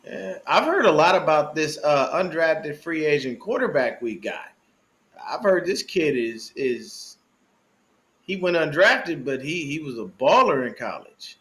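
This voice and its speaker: A man co-hosting a casual sports podcast, chatting in an animated, slangy way and laughing often. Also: on the high side, unhurried. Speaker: podcast co-host.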